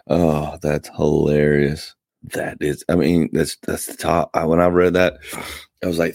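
A man's voice: rumbling low, flat delivery, unhurried, vocal fry, darkish tone, no echo, clean studio sound. A tired man hosting a casual podcast, rambling and interrupting himself with wry asides. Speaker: podcast host. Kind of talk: casual chat. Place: Atlanta area.

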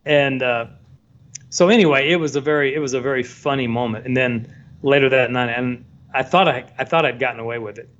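A man working as a photographer, telling a story in a casual, animated way and acting out the voices of the people in it. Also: medium pitch, fairly quick. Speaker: photographer guest. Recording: dull lo-fi sound, faint background noise.

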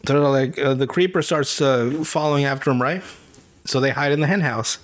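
A man's voice: mid-range voice, brisk. A man hosting a podcast, casually recapping a cartoon with a lot of swearing and laughter. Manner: profane, laughing storyteller who recaps cartoons; animated, jumps into silly character voices. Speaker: podcast host. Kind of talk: casual chat.

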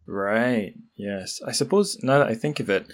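A man's voice: lowish voice, measured pace. A man interviewing guests in a casual discussion, thoughtful and somewhat hesitant.

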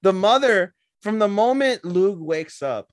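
A man co-hosting an anime podcast in casual chat, animated, with squeaky put-on voices when retelling scenes. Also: unhurried, no echo, studio quality. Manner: animated, jumps into high squeaky voices for characters. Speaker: podcast co-host.

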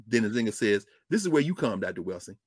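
A middle-aged man lecturing as a professor and show host, preacherly, with vernacular speech and big swings between loud and low. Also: big pitch swings, fast talker, no room sound, studio quality. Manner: uses African American vernacular. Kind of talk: lively lecture to an audience.

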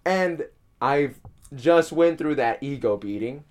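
A man's voice: on the high side, expressive, takes it slowly, darkish tone. A young man casually telling a long story, rambling with repeated words, frequent swearing and laughter. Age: young adult.

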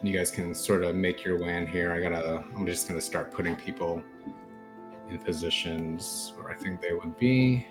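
A man's voice: sits low, steady tone, normal speed, over music. A man narrating as game master of a tabletop game, descriptive and loose, with many fillers.

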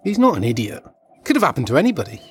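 A man's voice: medium pitch, wildly swooping pitch, very fast, a bit bright, a little hiss or hum. A young man chatting on in a rambling, cheerfully oblivious way as a street entertainer in a comedy sketch.

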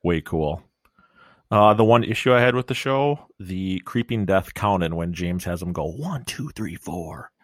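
A man's voice: sits low, normal speed, no room sound, clean studio sound. A man from Minnesota hosting a podcast in casual, jokey chat. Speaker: podcast host.

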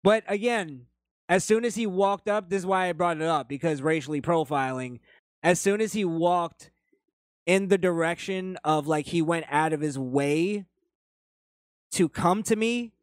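A man's voice: on the high side, a little slow, no echo, studio quality. Blunt, cursing male podcast host. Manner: blunt, swears freely, rambling anecdotes. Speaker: podcast host reading chat. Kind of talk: casual profane chat.

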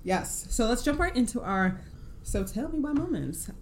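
A young woman co-host with a lively, swinging voice, fairly high and full of expression. She chimes in playfully and laughs often. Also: normal speed, slight background noise. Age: young adult. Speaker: podcast co-host. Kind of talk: casual chat.

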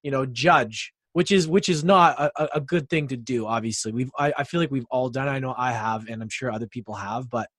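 A man hosting a casual interview, talking in a halting way with many fillers. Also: mid-range voice, a bit bright, no room sound, clean studio sound. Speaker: podcast host.

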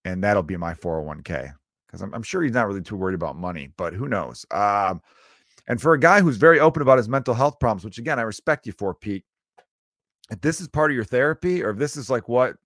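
A man's voice: medium pitch, animated, quick pace, a bit bright, no echo, studio quality. A man in his thirties hosting a podcast, rambling through casual comedic commentary with crude asides and frequent self-interruptions. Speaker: podcast host.

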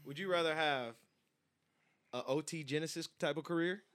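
A young man co-hosting a podcast and running its segments, with laid-back, quick interjections. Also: fairly high pitch, a bit bright, smooth. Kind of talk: casual chat.

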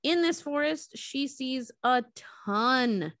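A woman's voice: high-pitched, expressive, takes it slowly, fairly bright tone, no echo. Podcast co-host, woman, loose chatty recap, swears, dry close sound. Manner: loose, swearing, filler-heavy. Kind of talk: casual chat retelling a film.

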